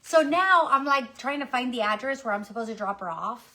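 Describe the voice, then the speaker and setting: Middle-aged woman from the Houston area, slightly high voice, chatty and animated, telling a story to live viewers. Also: brisk. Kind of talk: casual storytelling.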